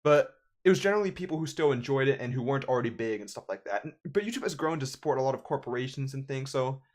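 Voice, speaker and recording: A young man in his twenties, a gaming YouTuber, ranting in casual, sarcastic commentary. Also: fairly high pitch.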